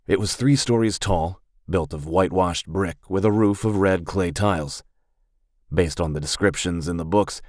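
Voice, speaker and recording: A man narrating an audiobook in a steady, even storytelling manner. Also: sits low, no room sound, studio quality. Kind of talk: scripted narration.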